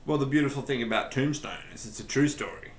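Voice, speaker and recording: A young man chatting casually over a let's play, telling stories in a rambling, animated way. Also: mid-range voice, quick pace, a little hiss or hum. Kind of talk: casual gaming chat. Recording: echoey room.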